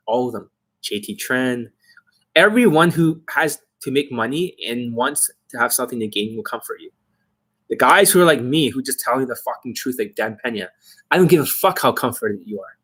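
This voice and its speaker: A man's voice: medium pitch, expressive, moderate pace, fairly bright tone, breathy edge. A man working as a dating coach, ranting aggressively and profanely on a livestream.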